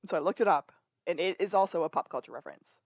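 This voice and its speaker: A matter-of-fact woman with a slightly low voice fills in the plot details of a TV episode in casual podcast talk. Her voice is dry and close, with no room sound around it. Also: lively intonation, fast, no echo. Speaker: podcast co-host. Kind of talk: casual chat recapping a show.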